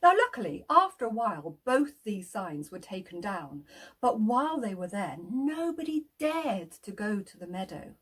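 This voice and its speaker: A woman's voice: mid-range voice, big pitch swings, moderate pace, husky. Woman telling a kids story, playful, gets everyone to act it out, swoopy voice. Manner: playful, invites listeners to act along. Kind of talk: interactive children's storytelling.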